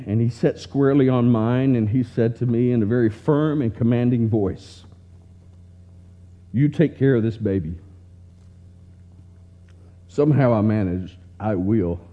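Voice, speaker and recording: Male preacher, mid-pitched, unhurried tender storytelling; muffled lo-fi recording. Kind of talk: slow, heartfelt story reading in a sermon. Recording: dull lo-fi recording.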